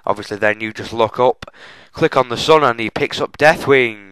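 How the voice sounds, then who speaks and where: A man's voice: mid-range voice, normal speed, fairly bright tone, smooth, no echo, rough recording. A young man giving chatty, self-mocking walkthrough commentary on a game, often addressing viewers as folks. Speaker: gaming channel host.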